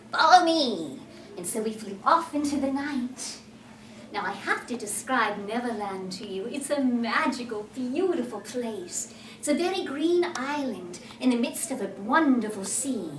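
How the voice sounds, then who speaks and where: Playful and lively, a woman tells stories in character as a solo performer, talking right to her listeners. The recording is distant and made in a large hall. Her pitch is a little high, with slight background noise.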